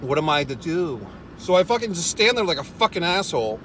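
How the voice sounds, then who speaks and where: With big pitch swings in a fairly high, slightly bright voice, this vlogger talks fairly quickly, a little hiss or hum in the background. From a parked car, he spins an exasperated, profanity-laden comic rant, laughing at himself all the while.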